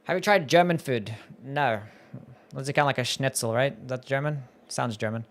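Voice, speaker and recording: A man's voice: medium pitch, normal speed, fairly bright tone. A man streaming a game live, chatting casually and answering viewers' questions in a loose, offhand way, with laughs and some swearing. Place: home streaming setup.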